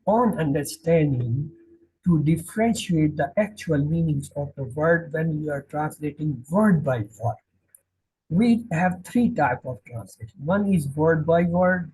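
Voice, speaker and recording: A man teaching a classroom Quran lesson, drilling each word slowly and repeating the meanings. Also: on the high side, a little mellow, slightly rough, poor audio. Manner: slow, repetitive, drilling word by word.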